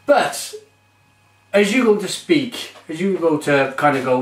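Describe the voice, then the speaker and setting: A man's voice: fairly high pitch, expressive, measured pace, reverberant. Gushing man reviewing beer. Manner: gushing, exclamatory. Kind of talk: casual beer review vlog.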